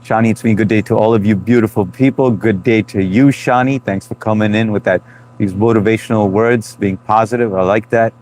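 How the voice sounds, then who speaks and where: Stream host, man, thirties, low-pitched, loose friendly chat. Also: steady tone, fairly quick, darkish tone. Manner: loose and chatty, greets viewers by name. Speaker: livestream host reading chat. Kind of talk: casual live chat.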